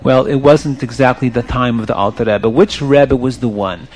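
A man telling a story to children in an animated way, often asking the audience questions. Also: medium pitch, normal speed.

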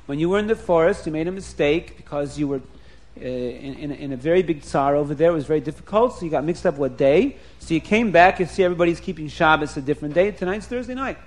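A man doing townsfolk coaxing softly. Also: fairly high pitch, animated, fast talker, voice pushed down, lightly acted. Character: worried townsfolk gently reasoning with a rabbi.

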